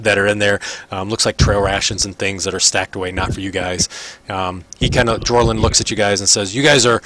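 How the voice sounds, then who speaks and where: A man's voice: fairly low pitch, a bit bright, a little hiss or hum. A man narrating a tabletop game as game master, hesitant with many fillers.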